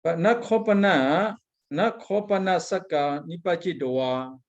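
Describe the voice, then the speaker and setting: A Burmese monk, a man whose first language is Burmese, giving an Abhidhamma lecture in halting English. He searches for words and recites Pali passages before explaining them. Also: high voice. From Myanmar. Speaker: Buddhist monk teacher.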